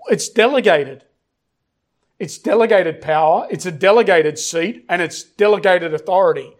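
A pastor in middle age preaches with a rather high voice, driving home key words by repeating them. Whenever he reads from scripture, his delivery turns slow and weighty, and his overall manner is emphatic.

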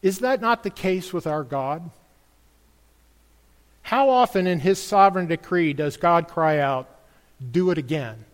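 High-voiced preacher in a reverberant hall. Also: male voice, expressive, measured pace, long pauses. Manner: earnest, rhetorical questions to the congregation. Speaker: pastor. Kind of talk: sermon.

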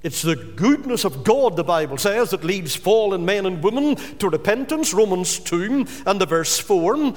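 A man's voice: sits high, expressive, moderate pace, few pauses, long reverb tail. A man preaching a sermon as pastor, earnest and pleading with his hearers.

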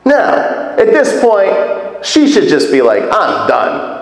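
A man's voice: fairly high pitch, wildly swooping pitch, slow pace, vocal fry. Man preaching in an echoey hall. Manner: conversational, emphatic, asks rhetorical questions. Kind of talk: sermon teaching.

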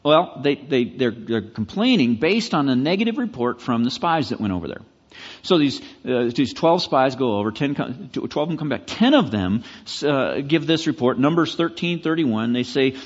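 A man preaching a sermon as pastor, conversational and animated, pushing hard to make his points. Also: medium pitch, moderate pace, long reverb tail, lo-fi sound.

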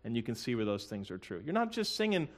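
A man preaching a sermon in an earnest, conversational way, with joking asides and slowly sung hymn lines. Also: mid-range voice, big pitch swings. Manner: sings hymn lyrics slowly. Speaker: pastor.

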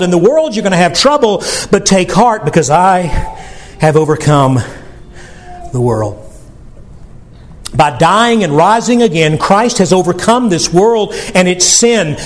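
A man with a high-pitched voice delivers a sermon, pressing his points home with direct questions to his listeners. He addresses the congregation personally and closes by leading them in prayer. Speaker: preacher.

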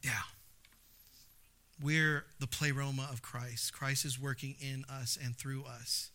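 A man's voice: mid-range voice, slow pace, long pauses. A man in his thirties, a pastor preaching a sermon, telling stories with acted-out exclamations and stressing points by repeating phrases. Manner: animated storytelling with acted-out exclamations.

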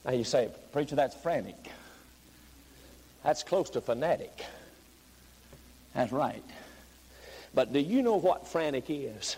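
A man preaching a revival sermon, moving from low, plain talk up to high, shouted pleading. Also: big pitch swings, slow, long pauses, slightly rough, poor audio.

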